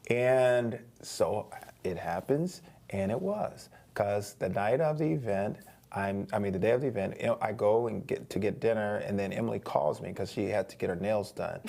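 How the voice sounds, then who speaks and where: A man's voice: on the low side, lively intonation, normal speed, gravelly, dark tone. A middle-aged man, a guest on an interview show, animatedly telling a story, acting out quoted voices, with frequent restarts.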